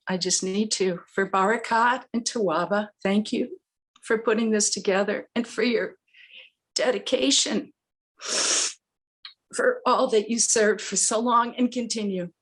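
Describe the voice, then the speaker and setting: A woman giving a heartfelt memorial tribute, teary and halting, pausing often as she searches for words. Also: medium pitch, steady tone. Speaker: student speaking at a memorial.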